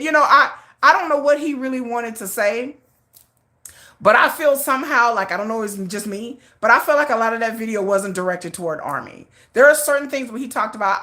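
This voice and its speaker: A middle-aged woman talks her way through a casual livestream, circling back and restarting her sentences as she goes. Her voice is bright and forceful and sits slightly high, and she keeps the energy animated. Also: brisk. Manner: rambling, repeats and restarts, animated. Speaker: livestream host.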